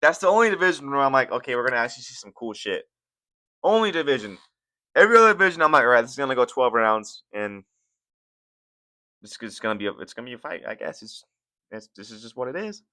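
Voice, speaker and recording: A man's voice: medium pitch, animated, quick pace, bright, forceful tone. A young man hosting casual, profane reaction commentary on fight sports, rambling and laughing as he goes. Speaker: commentary channel host.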